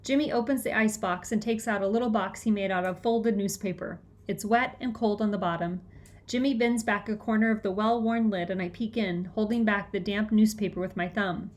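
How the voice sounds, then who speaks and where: A woman's voice: mid-range voice, moderate pace. A woman narrating a children's novel in the first person, with tense, breathless storytelling. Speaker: audiobook reader.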